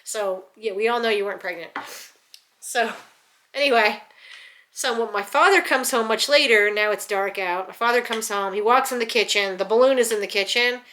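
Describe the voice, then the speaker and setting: A middle-aged woman from the New York area telling a family story at home in a chatty, animated way, full of fillers and restarts. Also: fairly high pitch, moderate pace, slight background noise. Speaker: vlogger. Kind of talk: casual storytelling.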